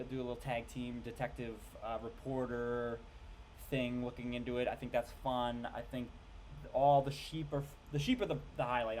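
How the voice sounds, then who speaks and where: A man's voice: medium pitch, darkish tone, slight background noise. A man giving a casual spoken movie review, rambling with lots of fillers, restarts and casual swearing.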